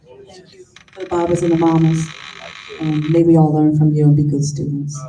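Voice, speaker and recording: A woman leading a libation, singing Yoruba chants slowly and speaking solemn blessings. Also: deep voice, flat delivery, warm tone, slight background noise. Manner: slow, sung call in Yoruba, then solemn spoken blessings. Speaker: priestess giving a libation blessing. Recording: roomy hall, distant mic, audience.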